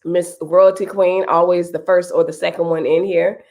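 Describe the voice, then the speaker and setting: A woman's voice: fairly low pitch, flat delivery, normal speed, a little mellow. A woman in her thirties, stuffy and nasal from a cold, chatting casually with viewers on a live stream and greeting them by name.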